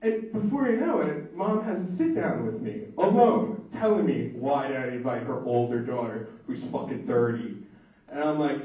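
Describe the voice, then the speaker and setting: A man's voice: on the high side, expressive, normal speed. Young man doing crude stand-up. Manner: crude, boastful storytelling with put-on voices for others. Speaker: stand-up comedian. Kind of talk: stand-up comedy set. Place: small club stage. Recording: echoey, distant, dull lo-fi room recording.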